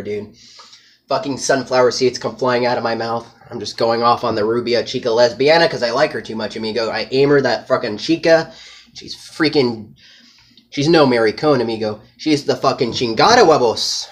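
A man's voice: medium pitch, moderate pace. A man delivering a crude, rambling comedic rant, profane and peppered with Spanish slang.

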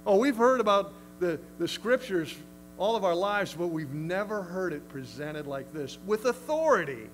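Brief: male pastor, conversational and emphatic sermon delivery, somewhat high-pitched. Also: expressive, normal speed, a little hiss or hum, low-quality recording. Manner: emphatic, conversational, acts out quotes.

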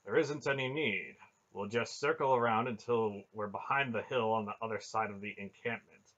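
A pious, austere cave-dweller from a fantasy storybook who speaks quietly and in few words, as a man reads him. The voice is low and husky. It is heard through a dull, lo-fi recording. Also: normal speed. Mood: quiet, terse. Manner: quiet, terse.

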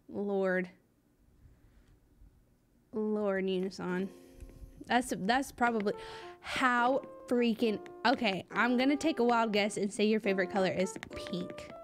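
A woman game streamer in casual live-stream chat, bubbly and gushing as she thanks viewers by name. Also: mid-range voice.

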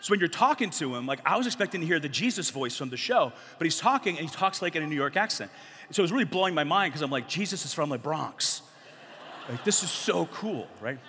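A man's voice: fairly high pitch, quick pace, slightly rough. Joking middle-aged man speaking in an echoing hall. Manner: animated, joking, conversational, many fillers. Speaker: youth conference speaker. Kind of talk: energetic storytelling talk to a youth audience. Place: large conference hall. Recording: long hall reverb.

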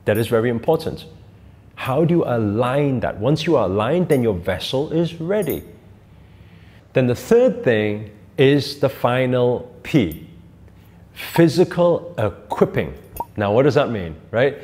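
A man teaching spiritual ideas in an emphatic motivational talk. He asks his listeners question after question and repeats key phrases for emphasis, with his pitch swinging widely around a middle range. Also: very animated, a little slow, a little mellow.

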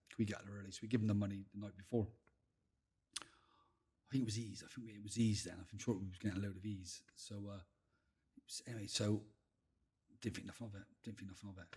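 Bristol man, podcast guest, husky voice, swears freely while acting out his stories. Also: on the low side, a little mellow. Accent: Bristol English. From England. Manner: swears heavily, acts out dialogue, laughs while telling stories. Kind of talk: casual storytelling.

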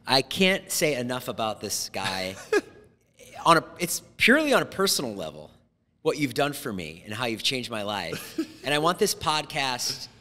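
A man's voice: mid-range voice, very animated, moderate pace, bright, forceful tone, big-room sound. A man in his forties hosting a podcast in a studio, telling rambling stories and laughing often. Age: 40s. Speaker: podcast host. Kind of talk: casual chat.

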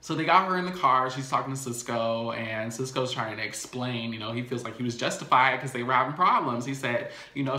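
A man's voice: mid-range voice, brisk, hardly any pauses, bright, forceful tone, echoey room. A man recapping a TV episode in a casual, gossipy way, with playful asides to his viewers. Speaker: YouTube recap host.

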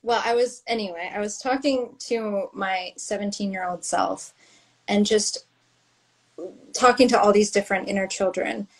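A woman's voice: mid-range voice, fairly even intonation, moderate pace, rough recording. A woman author in candid, casual conversation on a video livestream, laughing often and speaking openly. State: tearful near the end. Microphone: livestream video call.

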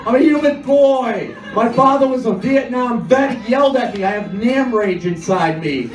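A man with a strikingly high voice does a comedy song live, jittery and self-mocking between loud call-and-response chants. He sounds far from the mic in an echoey room, with music playing under him. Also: expressive, normal speed. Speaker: stand-up comedian. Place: comedy theatre stage with audience. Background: audience laughter and live music.

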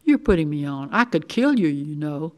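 A woman's voice: low-pitched, sing-song, normal speed. An older woman reading a story aloud, voicing a tough, frightened pregnant teenage runaway girl who talks in a brash, sarcastic, crude way. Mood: distraught.

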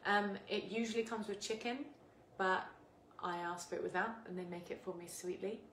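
With a mid-range, a bit bright voice and fairly even intonation, this English woman talks at normal speed. She hosts a live cooking stream from her home kitchen, chatting casually, laughing, and calling out viewers by name. The kitchen echoes, and faint background noise is audible.

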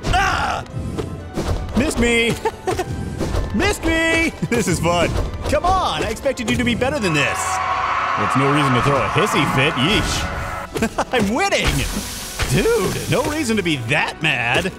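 A man's voice: high-pitched, wildly swooping pitch, slow, long pauses, full character voice. A man voicing a sarcastic, nervous little male bug knight in a comedy fan-parody, bouncing between bravado and panic. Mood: wisecracking. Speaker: voice actor and channel host. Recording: music bed under the voice.

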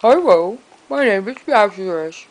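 A woman's voice: medium pitch, lively intonation, a little slow, low-quality recording. A woman voicing a cute little male puppy dog introducing himself.

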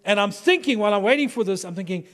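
Before a live audience of pastors in a big hall, a Durban, South Africa workshop speaker acts out the people he quotes while telling humorous anecdotes. His voice is high, a bit bright and expressive, and he speaks very fast. A long reverb trails off the hall.

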